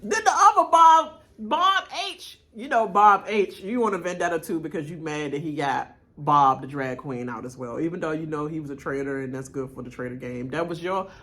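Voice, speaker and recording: A woman's voice: deep voice, a little fast, few pauses. Woman ranting and laughing through a reaction. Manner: animated, laughs often, blunt trash talk. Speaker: reaction channel host. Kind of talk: casual reaction commentary.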